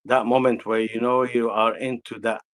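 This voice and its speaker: A man with an Arabic accent, an energy healer telling a personal story in conversation, slow and halting with frequent restarts. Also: medium pitch, little pitch movement, poor audio.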